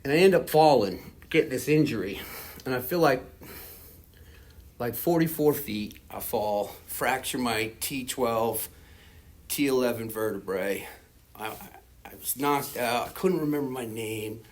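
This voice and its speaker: A husky-voiced man in his forties shares his personal recovery testimony at a fellowship meeting. He talks in a loose, rambling way, full of "you know" and "like", and stays frank and self-deprecating about his past. His pitch sits in a middling range. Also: unhurried.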